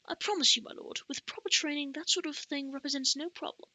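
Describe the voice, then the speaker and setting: A woman's voice: high-pitched, fast talker, bright, forceful tone, dry recording, voice pushed up. A woman voicing a fussy, talkative male scribe master who repeats himself in an audiobook. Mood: pompous.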